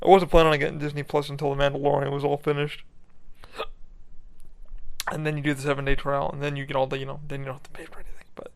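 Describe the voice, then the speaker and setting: Gravelly, rambling young man. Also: fairly high pitch, little pitch movement, fast, long pauses. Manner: rambling, profane, laughs often. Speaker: podcast host. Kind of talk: casual solo chat. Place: bedroom. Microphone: laptop recording.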